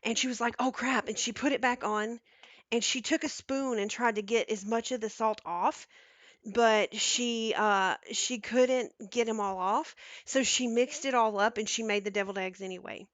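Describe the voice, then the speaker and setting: A woman's voice: on the high side, normal speed, fairly bright tone, no echo. A woman hosting a home cooking stream, chatting and telling stories in a rambling way, often checking in with "okay?". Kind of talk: casual storytelling chat. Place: home kitchen.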